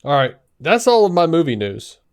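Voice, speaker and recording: A man's voice: a little high, big pitch swings, normal speed. A man co-hosting a podcast, reading out news quotes and chatting casually about them. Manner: reads out news quotes, then chats. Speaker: podcast co-host.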